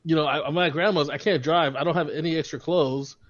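A man's voice: on the high side, steady tone, a little fast, highs cut off. A man co-hosting a podcast in casual chat, telling a story with laughs and stammered restarts. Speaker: podcast co-host.

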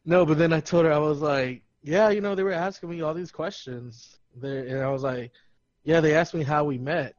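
A man's voice: on the high side, normal speed, dry recording, muffled recording. A man co-hosting a podcast, telling stories in casual chat with quoted dialogue and frequent laughter. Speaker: podcast co-host.

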